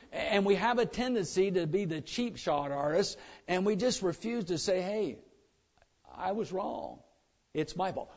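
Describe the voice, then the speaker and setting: A high-voiced man with a drawl preaches with lively, joking energy, slipping into mocking voices of complainers. The recording sounds a bit dull and lo-fi. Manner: animated, joking, mimics complainers. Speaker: pastor. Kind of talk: sermon.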